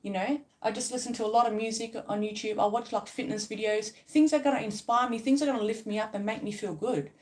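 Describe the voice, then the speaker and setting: A woman's voice: on the high side, fairly even intonation, fast talker, few pauses, a little mellow. A woman in a casual spiritual vlog, talking emphatically and repetitively and swearing freely. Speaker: spiritual vlogger. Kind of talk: casual spiritual pep talk.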